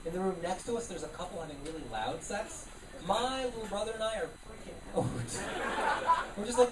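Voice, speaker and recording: A stand-up comedian with a high voice performs live on a comedy club stage, talking a bit fast and animatedly riffing with the crowd. The roomy club is captured by a distant mic, with heavy background noise and loud audience laughter.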